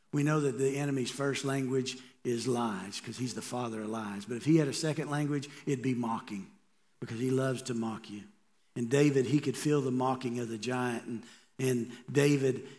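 A man's voice: mid-range voice, darkish tone. A middle-aged man, a pastor, preaching a sermon in a conversational way and asking the congregation rhetorical questions.

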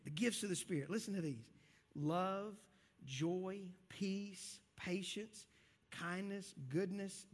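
A man preaching a sermon as pastor, in an animated, conversational way with frequent restarts, speaking to a church congregation. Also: sits high, breathy edge, long reverb tail. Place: church hall with a live congregation.

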